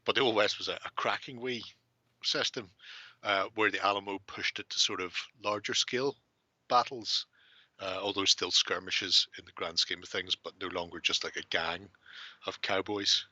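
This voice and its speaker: A man's voice: deep voice, steady tone, moderate pace, pushed and bright, no room sound, muffled recording. A man hosting a casual chat, swearing and joking freely. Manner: sweary, laughing banter. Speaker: host.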